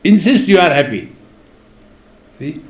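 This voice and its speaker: A man's voice: fairly high pitch, sing-song, measured pace. A man giving a spiritual discourse, chanting verses and explaining them with playful stories and acted voices. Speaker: spiritual teacher. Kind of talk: spiritual discourse with humorous anecdotes. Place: retreat hall. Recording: echoey hall.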